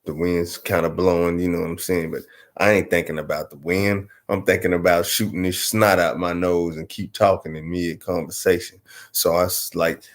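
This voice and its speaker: A man's voice: sits low, moderate pace. A man from Arkansas with a Southern US accent, telling a comic story in a loose, profane, rambling way. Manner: loose, profane, rambling, constantly asks "you know what I'm saying". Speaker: storyteller host.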